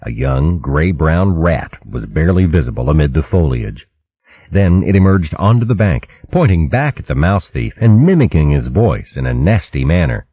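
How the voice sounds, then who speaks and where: A man reads a storybook in a deep, husky voice with a very lively, animated pitch. The reading is measured, and the recording sounds dry and slightly muffled. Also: no echo. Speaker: audiobook narrator. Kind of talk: scripted storybook narration.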